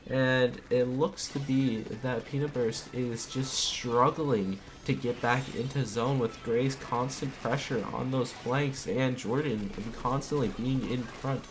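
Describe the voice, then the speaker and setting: A man casting an esports match alone from home, calling plays and then talking more quietly so as not to wake others. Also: medium pitch, a little hiss or hum. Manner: rapid excited calls, then quieter. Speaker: esports caster. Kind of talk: solo play-by-play commentary.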